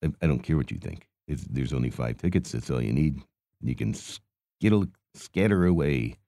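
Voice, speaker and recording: A man's voice: rumbling low, big pitch swings, moderate pace, creaky, mellow, dry recording, studio quality, exaggerated voice. A man playing a hapless, grumbling carnival cotton candy vendor in an improvised character monologue, mumbling and stammering with groaning sighs.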